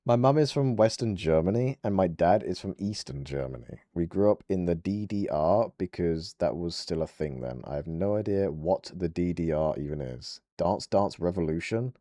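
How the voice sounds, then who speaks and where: A man's voice: low voice, expressive, normal speed, hardly any pauses, dark tone, no room sound. A man with a southern English accent chatting casually and bantering with mock indignation on a gaming livestream. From southern England. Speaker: streamer. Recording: dry close mic with faint game music.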